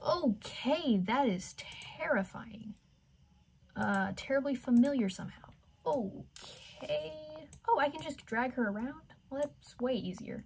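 A woman's voice: high voice, expressive, slow, creaky, darkish tone, husky. A woman playing a video game, reading its text aloud with drama and breaking off with surprised exclamations. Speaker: gamer.

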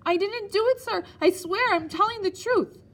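A woman's voice: fairly high pitch, brisk, natural voice. A woman voicing a timid, frightened schoolboy who pleads politely with his headmaster. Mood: desperate.

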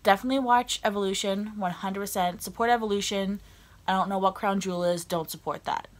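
A woman's voice: medium pitch, fairly even intonation, brisk. A woman fan ranting casually on her vlog, blunt and heated, swearing freely. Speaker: wrestling fan vlogger.

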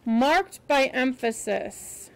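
A woman's voice: sits high, lively intonation, very slow. A woman reading a book aloud to children, stopping to explain words patiently and spell them out. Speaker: reader teaching children.

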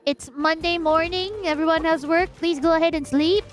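A young woman streaming a game, swinging between mock-solemn eulogies and loud panic. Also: extremely high pitch, fairly even intonation, normal speed. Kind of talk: live game stream commentary. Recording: game music playing behind.

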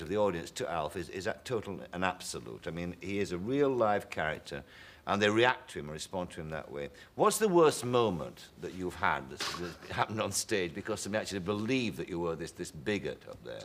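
A man hosting a television talk show, interviewing a guest with relaxed questions. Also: sits low, brisk. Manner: relaxed probing questions with small restarts.

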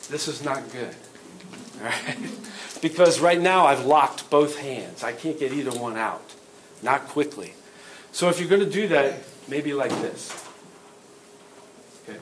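A middle-aged man teaching a self-defense workshop, plain and practical, asking the class quick questions. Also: fairly high pitch. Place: event hall. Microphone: distant room mic. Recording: echoey hall from far off, faint noise.

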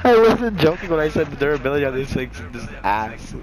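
A man's voice: fairly high pitch, sing-song, a little fast, a crowd in the background, rough recording. A man gaming with a friend, teasing him and laughing often in casual chat. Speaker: gamer. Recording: noticeable background noise.

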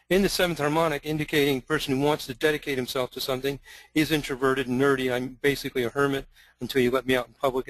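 An older man from Long Island, New York, talks his way through a webinar lecture, earnest and a bit rambling, stopping often on um and uh. His voice sits somewhat high for a man. The sound is dry and close, with no room around it. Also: a bit bright, dry recording, poor audio. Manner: earnest, digressive, with frequent um and uh fillers. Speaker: astrology lecturer.

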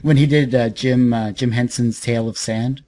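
A man's voice: medium pitch, fairly even intonation, moderate pace, dark tone. A young man hosting a comics podcast interview, talking casually with lots of fillers and restarts. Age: young adult. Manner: hesitant, many fillers and restarts. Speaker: podcast host.

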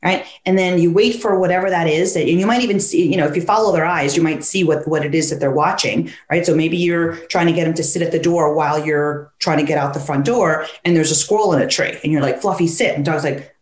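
A woman dog trainer, a guest on a podcast, explaining training with animated stories and acting out her dog's thoughts. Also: low-pitched, fast talker, hardly any pauses, reverberant. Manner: animated storyteller who acts out the dog's thoughts in quoted voices. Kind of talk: conversational interview, explaining with stories.

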